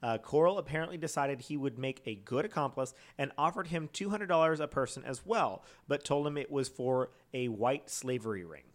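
A man's voice: mid-range voice, expressive, fairly quick, few pauses. A man co-hosting a comedy podcast, casually telling a true crime story with lots of fillers and frequent laughter. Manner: rambling, many fillers, laughs often.

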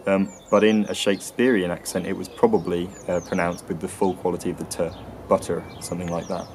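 English male presenter, low and even voice, hesitant explanatory delivery. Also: a little fast, a little hiss or hum. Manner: hesitant, frequent ums and restarts. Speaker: accent and linguistics presenter. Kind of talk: explanatory lesson.

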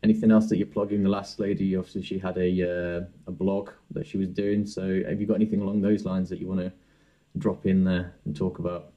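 Brit guy podcast host, low voice, lots of ums and restarts. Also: flat delivery, fairly quick, mellow, highs cut off. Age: young adult. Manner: hesitant, many fillers and restarts. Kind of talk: casual interview chat.

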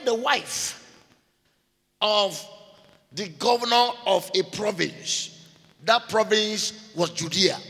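A man teaching a sermon in a deliberate way, repeating key phrases and spelling out names letter by letter. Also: high-pitched, pushed and bright. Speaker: preacher. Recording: long hall reverb.

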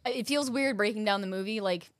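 Woman, podcast co-host, casual chat, swears freely, mid pitch, dry close sound. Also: fairly quick, dry recording. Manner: chatty, swears freely, eager to share movie trivia.

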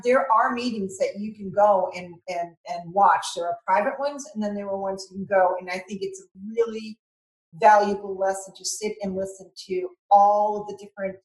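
A middle-aged woman, a mother, telling a personal story in conversation, earnest and halting, often restarting her sentences as the emotion comes through. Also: medium pitch. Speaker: mother of son in addiction recovery, guest. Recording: roomy echo.

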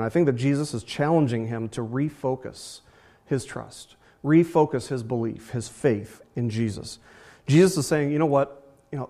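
A man's voice: mid-range voice, darkish tone. A man preaching a sermon in a conversational way, repeating phrases and rising sharply for emphasis. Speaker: pastor.

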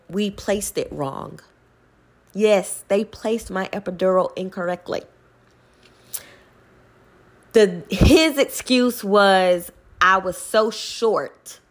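A young woman, telling a personal story to her viewers in a blunt, animated way, swearing freely. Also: fairly low pitch.

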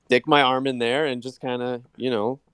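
A man joking crudely and deadpan as a guest in a casual group chat. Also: medium pitch, normal speed, background noise. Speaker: podcast guest.

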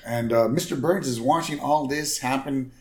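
A man's voice: medium pitch, moderate pace, echoey room. A man co-hosting a podcast, casually retelling a cartoon episode with frequent laughter. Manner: laughs often, lively retelling. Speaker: podcast co-host. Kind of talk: casual chat recapping an episode.

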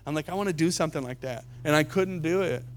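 A middle-aged man preaching a sermon as an evangelist, telling a story with lots of repeated words, jumping from loud to hushed. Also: fairly high pitch, quick pace, faint music behind. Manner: repeats words and restarts often.

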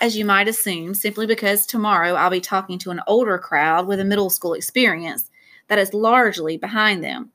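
A woman voicing a stern male school director delivering a measured, formal graduation speech. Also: medium pitch, a bit bright, natural voice.

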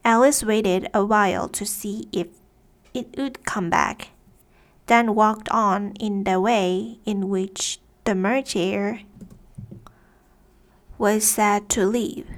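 A woman's voice: medium pitch, fairly even intonation, takes it slowly, long pauses. A woman narrating a storybook in a careful read-aloud way. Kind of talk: storybook reading.

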